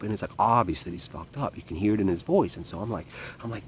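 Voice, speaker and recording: A man's voice: fairly low pitch, lively intonation, quick pace, slight background noise. A man telling a war story in a casual, profane, rambling way, acting out what others said. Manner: profane, rambling, acts out quotes. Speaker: former foreign legion volunteer.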